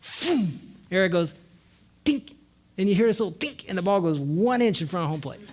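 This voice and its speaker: A middle-aged man telling a story to a live audience at a marriage conference, acting out voices and shouting lines. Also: high-pitched, expressive, fast talker.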